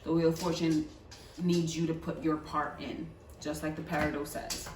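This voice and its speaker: A woman's voice: low-pitched, little pitch movement, normal speed, over music. A woman giving a pick-a-card tarot reading, chatty and coaxing, often repeating words and checking in with "right?". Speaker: tarot reader. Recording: echoey room, mic at a distance.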